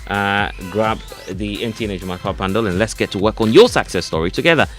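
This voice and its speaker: A man's voice: fairly low pitch, fast talker, soft background music. A Ghanaian man co-hosting morning radio, joking about local languages and reading a live ad in an upbeat way with frequent fillers. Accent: Ghanaian English. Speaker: radio co-host. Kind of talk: radio banter and live ad read.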